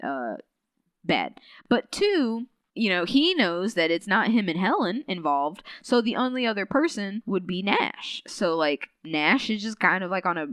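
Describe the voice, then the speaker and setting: A chatty woman podcast host retelling a novel's plot in a loose, filler-heavy way, slipping into the characters' lines as she goes. Her voice is smooth and clear, and the recording is close and dry. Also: lowish voice, a bit bright, no room sound. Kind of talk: casual book recap.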